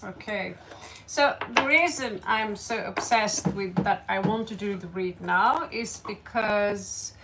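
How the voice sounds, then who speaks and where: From a cluttered room at home, a woman hosts a live tarot stream, chatting in a rambling, distracted way and often swearing and laughing. A phone on a tripod picks her up from a distance with background noise; her voice is mid-range and she speaks slowly.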